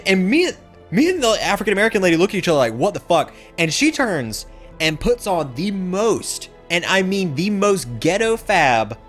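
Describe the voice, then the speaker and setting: A man rambles through a funny anecdote, cursing freely and tossing in fillers as he goes. His pitch swings widely, and soft music plays faintly behind him. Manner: rambling, swearing, animated storytelling. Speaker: streamer telling a story. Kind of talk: casual profane anecdote.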